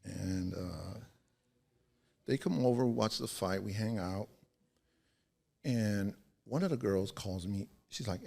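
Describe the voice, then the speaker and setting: A man's voice: fairly low pitch, takes it slowly, gravelly, pauses often, warm tone. A man in his forties, a podcast guest, tells a story in a laid-back, slangy way, swearing and checking in with "right?". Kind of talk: casual storytelling.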